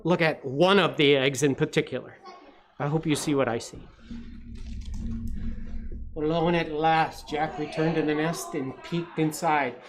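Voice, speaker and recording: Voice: medium pitch, fairly even intonation, unhurried, long pauses, a little hiss or hum. A storytime reader, reading a picture book aloud to children with playful asides. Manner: playful, with asides to young listeners.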